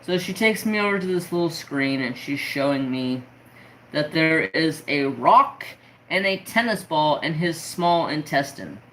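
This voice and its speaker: A man's voice: fairly high pitch, unhurried, a little hiss or hum, poor audio. A man on a crafting livestream telling a story and reading chat. He swears and tells it with a lot of feeling. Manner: emotional, swearing, animated storyteller. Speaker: diamond painting crafter streamer.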